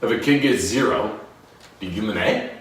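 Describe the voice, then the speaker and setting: A man's voice: lowish voice, fairly quick. A young man co-hosting a casual podcast, telling stories and acting out the voices of the people in them. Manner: animated, acts out quotes in shifting voices. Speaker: podcast co-host. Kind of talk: casual storytelling chat. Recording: echoey room, mic at a distance.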